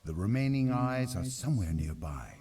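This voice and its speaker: A man's voice: medium pitch, very animated, moderate pace, warm tone, faint music behind. A man narrating a video game in scripted, dramatic storytelling style.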